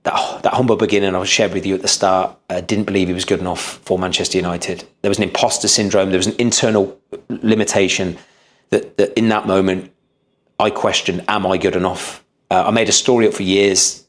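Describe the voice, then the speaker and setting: Podcast guest, man, 30s, lowish voice, earnest storyteller who restarts sentences. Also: fairly even intonation, fairly quick. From England. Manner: earnest, frequent restarts and repeated words. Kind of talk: storytelling interview.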